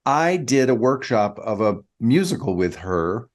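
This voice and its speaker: A man on a podcast chats casually, his voice swinging up and down with plenty of movement. He talks at a middle pitch and shares memories in short, animated asides. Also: unhurried. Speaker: podcast co-host. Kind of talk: casual conversation.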